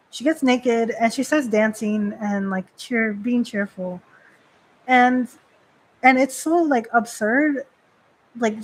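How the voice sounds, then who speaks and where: A woman's voice: on the high side, low-quality recording. A woman hosting a live stream as a priestess, speaking in a chatty way with many "like" fillers. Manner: chatty, heavy use of "like" fillers. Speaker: Shinto priestess and host. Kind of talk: casual live-stream talk on religion.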